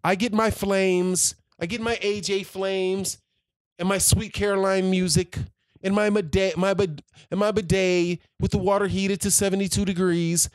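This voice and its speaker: A man's voice: sits high, steady tone, moderate pace, dry recording, voice pushed up, close to an everyday voice. A man mocking a pompous, spoiled boxer. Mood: smug demands. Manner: smug, mocking. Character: pompous spoiled male boxer listing demands.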